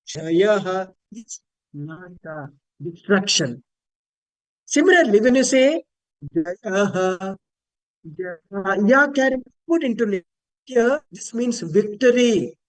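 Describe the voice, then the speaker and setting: A man speaks at a slow, deliberate pace, teaching in an online spiritual lecture. He explains patiently and chants Sanskrit words aloud to demonstrate rising and falling intonation, as heard over a video call. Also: sits high, expressive, poor audio. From India.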